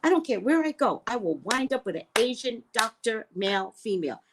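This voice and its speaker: A woman who works as a psychic, telling a story in a casual, profane way and swinging between loud and hushed. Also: fairly high pitch, sing-song, fairly quick, background noise.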